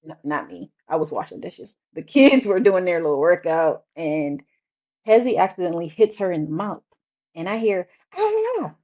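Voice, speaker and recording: A woman chats on a podcast with a lively, swooping voice. She tells her stories with lots of laughs and acts out what people said. The sound is dull and lo-fi. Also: lowish voice, normal speed. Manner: chatty storyteller, laughs often, acts out quotes. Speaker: podcast co-host, mother. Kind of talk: casual podcast chat. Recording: dull lo-fi recording.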